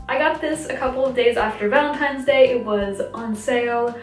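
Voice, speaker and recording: A woman's voice: fairly high pitch, normal speed, soft background music. A young woman chatting about her monthly favorites in a bubbly, giggly way, recorded at home. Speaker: vlogger. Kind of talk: casual favorites vlog. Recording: echoey room, mic at a distance.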